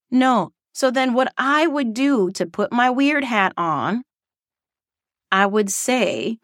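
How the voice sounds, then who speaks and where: A woman, a former teacher, hosting a casual reflective podcast monologue in a playful, animated way. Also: mid-range voice, measured pace, no echo, clean studio sound. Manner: playful and animated, acting out voices.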